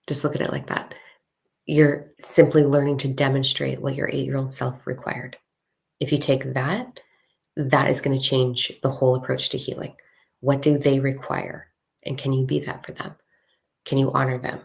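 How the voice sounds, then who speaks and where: A woman spiritual coach talking casually and frankly to a live audience, swearing freely and slowing down to read a mantra. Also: extremely low pitch, level tone, vocal fry. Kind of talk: casual livestream talk.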